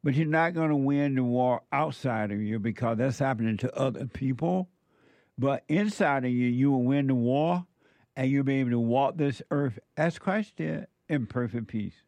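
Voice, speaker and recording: A man's voice: mid-range voice, normal speed, a little mellow, no echo. Male host, close dry mic, urgent repeating spiritual pep talk, says "amazing" a lot. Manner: repetitive, exclaims "amazing", preacher-like urging. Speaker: show host answering viewer messages. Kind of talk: casual live-stream chat with religious advice.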